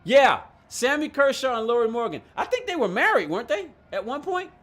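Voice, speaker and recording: A man's voice: very high voice, sing-song, a little fast, fairly bright tone. A man streaming a racing game, rambling in casual chat, reading chat aloud and laughing often. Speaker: gaming streamer.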